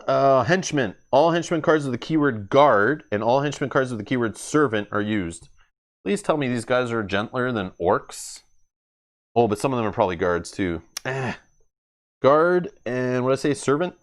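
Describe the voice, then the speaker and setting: A man's voice: medium pitch, animated, normal speed. A man streaming a solo card game playthrough, thinking aloud as he reads cards, laughing often. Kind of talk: casual solo playthrough commentary. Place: home gaming table.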